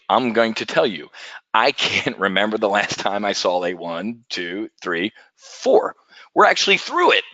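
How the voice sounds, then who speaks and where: A man hosts a live trading webinar in a folksy, joking patter. His voice is bright and forceful. The sound is dry and a bit dull and lo-fi. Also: medium pitch, no room sound. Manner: folksy, animated, jokey salesman patter.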